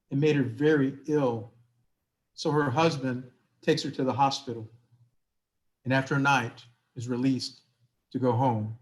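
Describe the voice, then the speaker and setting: Male workshop presenter, conversational, asks the room questions. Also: medium pitch. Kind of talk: workshop talk and storytelling.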